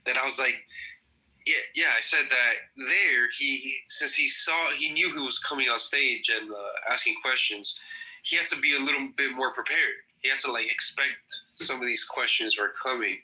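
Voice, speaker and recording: Male regular, casual chat, halting and rambling, bright voice. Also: mid-range voice, rough recording. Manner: rambling, halting with many fillers. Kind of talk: casual live-stream chat.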